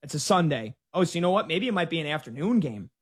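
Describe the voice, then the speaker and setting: A man hosting a live sports talk show, excitedly relaying scores and rambling through game schedules. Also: a little high, quick pace, slightly rough.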